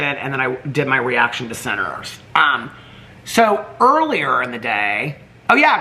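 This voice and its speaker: Indoors at home, this man vlogs in a chatty, meandering way, slipping into baby talk with his pets. His mid-range voice sounds bright and forceful.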